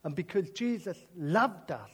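A British man preaches a sermon in a husky, fairly high voice at a measured pace. He's animated and jokey as he tells a comic story, then drifts into earnest preaching.

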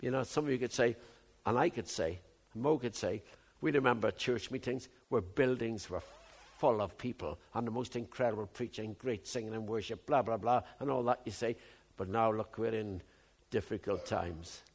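A man in his seventies preaching a sermon, moving from low musing to loud, emphatic outbursts. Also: normal speed. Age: 70s.

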